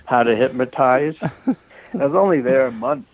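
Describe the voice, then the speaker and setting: A man's voice: medium pitch, animated, measured pace, dry recording. An older man spins long, rambling anecdotes in a casual interview, breaking into small chuckles and restarting his sentences. He is slightly out of breath from walking around as he talks, and he comes through a thin, tinny phone line with no room sound around him. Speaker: film director guest. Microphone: phone call.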